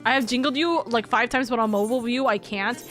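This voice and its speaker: Woman streamer, high pitch, excitable, foul-mouthed, soft game music behind. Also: brisk. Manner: excitable, profane, laughs often. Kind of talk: casual live-stream chatter.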